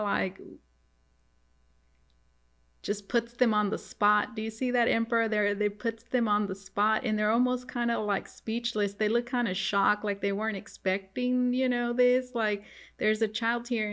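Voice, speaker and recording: A woman giving a casual tarot reading to viewers, halting and repetitive, often turning to address them directly. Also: medium pitch, a bit bright. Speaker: tarot reader.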